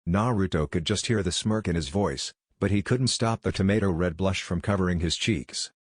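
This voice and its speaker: A man narrating a fan fiction story in a plain, steady reading voice. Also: low voice, moderate pace, no echo, studio quality.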